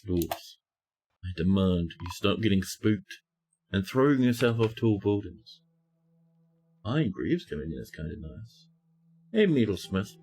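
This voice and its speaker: A man streaming a game live, chatting to his viewers in a mid-pitched voice that swings up and down a lot. He talks to the people on screen and scolds them, while soft guitar music plays underneath. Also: creaky. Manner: exclaims and scolds game characters. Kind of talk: live-stream gameplay commentary.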